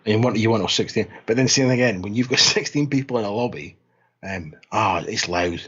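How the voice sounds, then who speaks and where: A man's voice: lowish voice, fairly quick, a bit bright, breathy edge, lo-fi sound. A man co-hosting a gaming podcast in casual chat, rambling, laughing and restarting his words. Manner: rambling, laughing, repeats words when starting. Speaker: podcast host.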